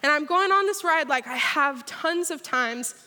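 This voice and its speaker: High bright-voiced woman preaching in a hall. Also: moderate pace. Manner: energetic, storytelling, leads the crowd in a pretend ride. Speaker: speaker at church. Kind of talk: sermon. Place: large church hall. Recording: long hall reverb.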